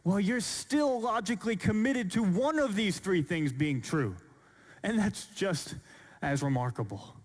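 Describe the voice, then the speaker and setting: A man's voice: sits high, expressive. Earnest man speaking in a big hall. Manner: earnest, measured, rhetorical questions. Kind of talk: apologetics talk to an audience. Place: large church hall. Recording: long hall reverb.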